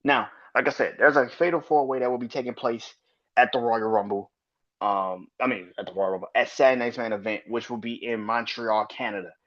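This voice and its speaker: A man's voice: mid-range voice, fairly even intonation, fairly quick, a bit bright. A man hosting a podcast, ranting bluntly and profanely about wrestling in casual, opinionated commentary. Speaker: podcast host. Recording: slightly dull lo-fi audio.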